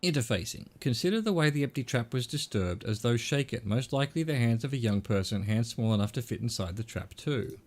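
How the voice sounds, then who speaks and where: A man's voice: mid-range voice, animated, brisk, hardly any pauses. A middle-aged man from Australia reading a narrative game aloud as a streamer, voicing its characters' lines and narration in his own voice with casual asides.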